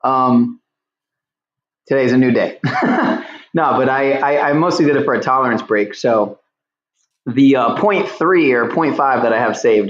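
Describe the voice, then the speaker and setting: A man's voice: medium pitch, a little slow. A man hosting a casual livestream panel, rambling and laughing at himself. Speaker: podcast host. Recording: roomy, dull home mic with faint hiss.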